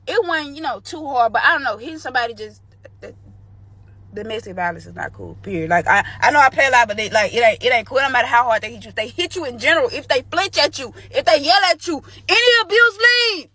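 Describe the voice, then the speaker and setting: A woman's voice: sits high, animated, quick pace, sharp tone. A young woman telling a candid, slangy story from her own life to the camera. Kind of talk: storytime vlog.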